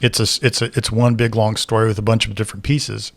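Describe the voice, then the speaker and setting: A man's voice: on the low side, quick pace, vocal fry. A man telling a story on a podcast in casual chat, acting out the voices of the people in it. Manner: animated storyteller, acts out quoted voices. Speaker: podcast co-host.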